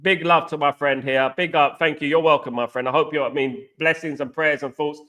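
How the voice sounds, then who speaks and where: English man, young adult, live-stream host, casual chatter to viewers, pitched fairly high. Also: fairly even intonation, brisk, sharp tone. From England. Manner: chatty, keeps addressing viewers as guys and mate.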